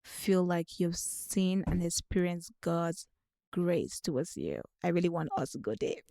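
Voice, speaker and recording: Host, woman; lower register, warm affirming interviewer, dry close mic. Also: lively intonation, measured pace, vocal fry, dry recording. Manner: encouraging, affirming, attentive. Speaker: podcast host. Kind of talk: interview questions.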